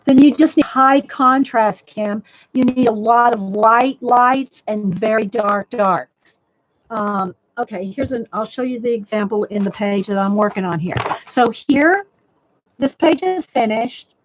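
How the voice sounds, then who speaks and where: A woman's voice: on the high side, a little slow. A woman chatting casually on a live stream as she teaches colored-pencil drawing, rambling with many restarts and talking to viewers by name; her voice crackles a little. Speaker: livestream art host. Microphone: desk microphone. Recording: dull dry lo-fi mic audio.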